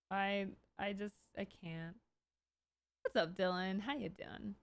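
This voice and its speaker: A woman in her thirties streaming live, talking casually in a rambling, animated way with many restarts and bursts of exasperation. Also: mid-range voice, slow pace, gravelly, no room sound. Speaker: Twitch streamer hosting her own stream. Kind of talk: casual livestream commentary.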